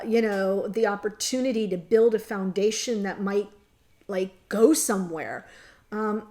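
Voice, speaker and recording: A woman's voice: medium pitch, darkish tone. A woman giving a tarot reading, talking straight to her viewers in an earnest, emotional way. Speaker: tarot reader. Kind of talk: casual tarot reading to camera.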